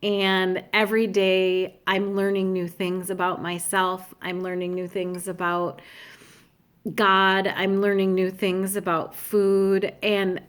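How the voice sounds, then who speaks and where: Middle-aged woman, heartfelt confessional vlogger, earnest and halting. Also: medium pitch, monotone, smooth. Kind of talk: candid personal vlog.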